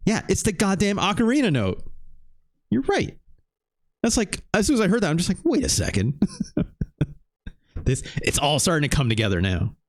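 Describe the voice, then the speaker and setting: A man in his thirties streaming a retro game, chatting with viewers in a loose, animated way and swearing casually. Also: sits high, normal speed, pauses often. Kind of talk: live game stream chat.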